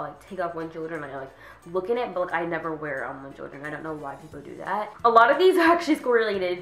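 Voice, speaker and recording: A teenage girl venting about her pet peeves in a casual vlog, chatty, with lots of "like", sometimes mimicking people in a higher voice. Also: fairly bright tone, echoey room, poor audio. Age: teens. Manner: chatty, says "like" constantly, acts out quoted people in a higher voice. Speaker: vlogger.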